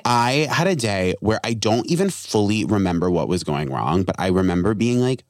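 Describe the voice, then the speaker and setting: A young man hosting a casual comedy podcast, telling stories in an animated way and acting out the voices of the people in them. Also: lowish voice, normal speed, no room sound. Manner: animated storytelling, acts out quoted voices. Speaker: podcast host.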